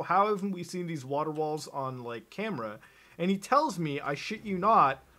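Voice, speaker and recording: Lively, profane male game streamer. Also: on the high side. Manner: profane, excitable and mocking, with sudden shouts. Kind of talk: live gameplay commentary and chat reading.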